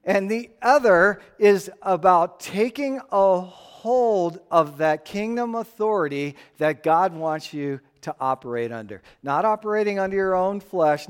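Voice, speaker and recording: A man preaching a sermon to a congregation in an emphatic, animated way. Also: fairly high pitch, clear, resonant tone. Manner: animated, emphatic preaching with playful acted-out voices. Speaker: pastor.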